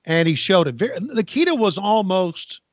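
A man with a slightly high voice tells folksy stories in a relaxed chat, often restarting his sentences. The sound is dry and a little dull, like a lo-fi podcast mic. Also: no room sound. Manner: folksy storyteller, halting restarts. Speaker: podcast co-host, former wrestling insider. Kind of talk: casual chat, storytelling.

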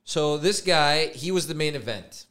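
A man's voice: fairly high pitch, unhurried, fairly bright tone. A man hosting a casual podcast chat, laid-back and slangy, reacting to clips with his friends. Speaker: podcast host.

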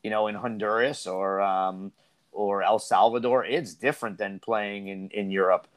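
Podcast host, male, lowish voice, loose and animated with lots of false starts. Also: moderate pace. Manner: animated, rambling, many restarts. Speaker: soccer coach and podcast host. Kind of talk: casual podcast discussion.

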